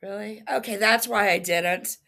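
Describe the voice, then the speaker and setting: A woman hosting a casual livestream recap, reading quotes aloud with animated emphasis and laughing often. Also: medium pitch, moderate pace, gravelly. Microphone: streaming setup mic.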